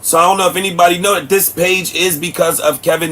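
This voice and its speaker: High-voiced man ranting at his live chat. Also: fairly even intonation, quick pace, few pauses, pushed and bright. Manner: blunt, preachy, addresses chat directly. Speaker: livestream host. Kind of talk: ranting livestream commentary. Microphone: streaming setup mic.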